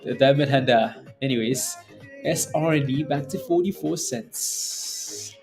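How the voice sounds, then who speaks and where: A man's voice: mid-range voice, a little slow, over music. A man hosting a live day-trading stream, talking loosely and chatting with viewers, with lots of fillers and "right?" tags. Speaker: day-trading livestream host. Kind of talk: casual live commentary reading chat.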